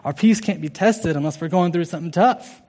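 A man's voice: a little high, darkish tone. Earnest young man preaching. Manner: earnest, halting, with restarts and fillers. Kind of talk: informal sermon.

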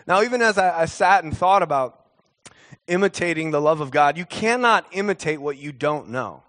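A man in his thirties preaching a sermon, earnest, with emphatic repetitions and drawn-out pauses. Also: fairly high pitch, lively intonation, fairly bright tone. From United States. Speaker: pastor.

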